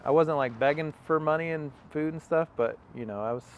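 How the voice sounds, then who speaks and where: A man's voice: fairly high pitch, brisk, slight background noise. A young man, an interview guest, telling a long personal story in a casual, rambling way with many fillers and acted-out quotes. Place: outdoors on a farm.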